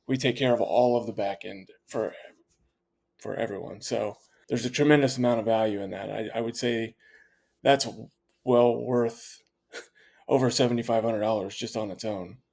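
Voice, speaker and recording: A man's voice: fairly low pitch, steady tone, moderate pace, vocal fry, darkish tone. A man who owns a franchise, interviewed as a podcast guest, explaining his business in a confident, conversational way with many fillers and restarts. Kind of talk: candid interview talk.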